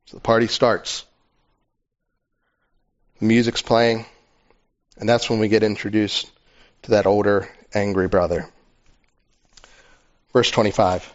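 A male pastor preaching a sermon in a conversational, animated storytelling manner. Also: on the low side, unhurried, pauses often. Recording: dull lo-fi recording.

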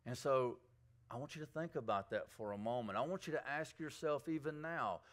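A man's voice: medium pitch, a little fast. A man preaching a sermon, pressing his listeners with repeated rhetorical questions. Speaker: pastor.

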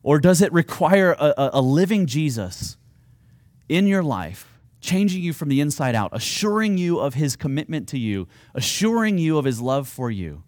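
A man's voice: on the high side, big pitch swings, normal speed, a little mellow, no echo. A man preaching a sermon, earnest and at times rising to fervent, pleading appeals. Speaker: pastor.

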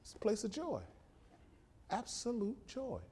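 A man preaching a rousing sermon, swinging from loud peaks to hushed passages and quoting scripture in old King James wording. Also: high-pitched, huge pitch swings, unhurried, slightly rough.

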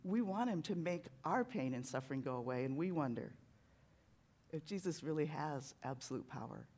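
A preacher giving a sermon in a church sanctuary, talking in a conversational, animated way that tells a story. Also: medium pitch, moderate pace, slightly rough.

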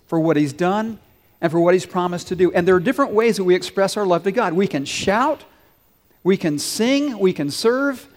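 A man with a high, light voice preaches to his congregation with earnest warmth of purpose. His words ring out in a large sanctuary with a long, lingering reverb. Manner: earnest, leads the congregation in call-and-response. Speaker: pastor. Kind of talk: sermon.

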